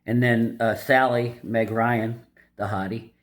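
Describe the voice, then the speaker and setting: A man with a medium-pitched, fairly flat voice speaks at a measured pace while hosting a video. He summarizes a dating-advice book in casual, unscripted commentary, blunt and opinionated, rambling with many fillers and restarts.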